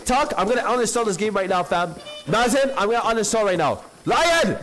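A young man streaming a game live, loud and animated, swinging between shouting and low muttering as he talks to chat. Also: fairly quick, faint music behind. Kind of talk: live gameplay commentary.

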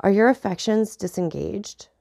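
A woman voicing a grave, vengeful nobleman who speaks in a measured, solemn way. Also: mid-range voice, gravelly, mellow, natural voice.

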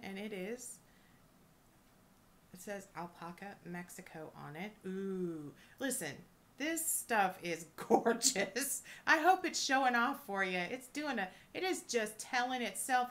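A woman reselling jewelry, chatting casually and gushing with excitement as she unboxes a thrift lot. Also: mid-range voice, unhurried. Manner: gushing, excitable, lots of oohs and little laughs.

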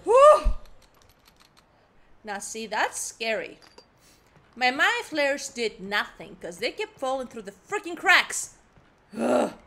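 A young woman streams a game and gives casual let's-play commentary, jumpy, chatty and self-mocking. Her voice is a little high and sharp-toned, slow, with big swings in pitch.

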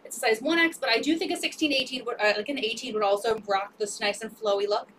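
A woman's voice: on the high side, fast talker, a bit bright, distant mic, a little hiss or hum. A woman selling secondhand clothes on a live stream, upbeat and repeating sizes, prices and item numbers. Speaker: resale live-stream seller. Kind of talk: live sales pitch.

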